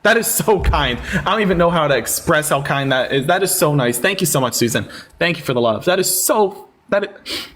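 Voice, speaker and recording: A man's voice: a little high, animated, a little fast, a bit bright. A man hosting a live-stream debate, sarcastic and taunting with callers, thanking viewers in casual chat. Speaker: livestream debate host.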